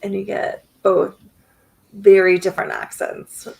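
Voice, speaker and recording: Slow, gravelly-voiced woman. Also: medium pitch, flat delivery, a little mellow, rough recording. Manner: emphatic, blunt, laughs easily. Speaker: guest. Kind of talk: casual livestream chat.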